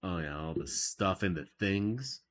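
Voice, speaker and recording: A man's voice: sits low, expressive, unhurried, a bit bright. A man hosting a live art stream in casual chat, playful and jokey, often laughing at himself.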